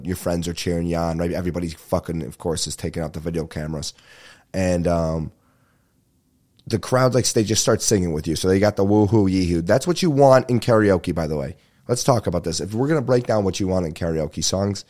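A young man riffs through a solo podcast in a loose, rambling way. His voice sits on the low side, and he tends to rush his words and swear freely. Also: a little mellow. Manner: rambling, swears casually, fast-talking. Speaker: podcast host. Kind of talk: casual solo podcast chat.

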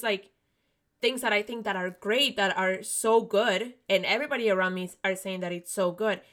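A young woman hosting a podcast in casual chat, excitable, swearing freely and saying "like" all the time. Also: medium pitch, normal speed. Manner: excitable, swears a lot, says "like" constantly. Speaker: podcast host.

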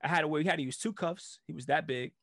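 A man in his thirties, a former police officer, telling a story in casual chat, animated and profane and laughing often. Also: a little high, fast talker, creaky, no room sound.

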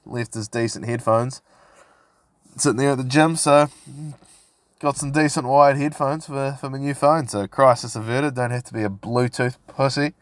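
A man hosts a casual solo podcast, rambling and swearing through stories in a laid-back manner. His voice is medium in pitch, with no echo.

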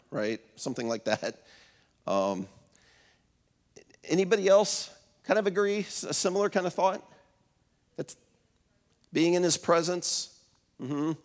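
A man in his fifties delivers a sermon in a church auditorium, with a fairly high voice for a man. He talks conversationally, tells stories, and often restarts his sentences. His voice carries a long reverb from the hall. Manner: conversational, storytelling with many fillers and restarts. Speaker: pastor.

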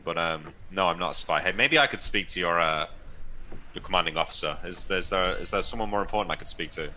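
A man's voice: deep voice, quick pace, sharp tone, slight background noise. A man taking part as a player in a tabletop role-play, earnest and hesitant.

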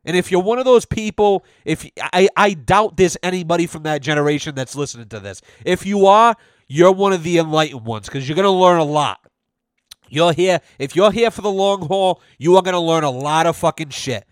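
A young adult man hosting a podcast, ranting in a profane, animated storytelling way. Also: fairly high pitch, moderate pace, no echo, studio quality. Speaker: podcast host. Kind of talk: casual ranting monologue.

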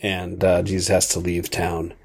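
Male podcast host: low, mellow voice with a husky edge, earnest and reflective devotional delivery. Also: monotone. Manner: earnest, thoughtful, unhurried.

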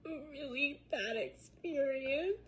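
Tearful high-voiced woman. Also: lively intonation, slow, poor audio. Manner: tearful, upset. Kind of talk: recounting a personal experience.

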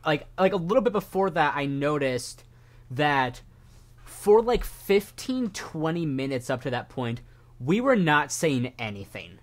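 A young woman co-hosting a casual movie podcast, talking in a blunt, animated way and swearing casually. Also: sits low, measured pace. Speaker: podcast co-host. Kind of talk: casual movie-discussion chat.

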